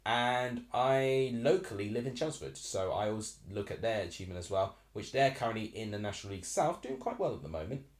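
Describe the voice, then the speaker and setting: A young man in his twenties from Essex hosts a live football watchalong. He rambles in a chatty way and reacts aloud to the match, with a lively, swooping pitch. His voice sits in a roomy space with a noticeable echo. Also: fairly quick, few pauses. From Essex, England. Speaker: live stream host.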